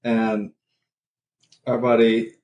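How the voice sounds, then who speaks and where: A man with an ordinary mid-range voice, co-hosting a casual podcast. He tells a story from his weekend in a relaxed, joking way and laughs at himself as he goes. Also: medium pitch, extremely slow. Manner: easygoing, joking, laughs at his own stories. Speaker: podcast co-host.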